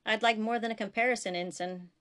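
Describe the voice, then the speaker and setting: A woman reading the lines of a calm, commanding male starship captain who gives firm, clipped orders. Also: medium pitch, fast, close to an everyday voice.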